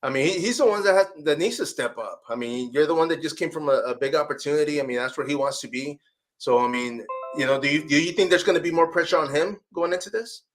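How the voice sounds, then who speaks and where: A man's voice: a little high, fast, soft background music. A man hosting a podcast, asking rambling questions full of "I mean" and "you know.". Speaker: podcast host. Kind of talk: casual podcast interview.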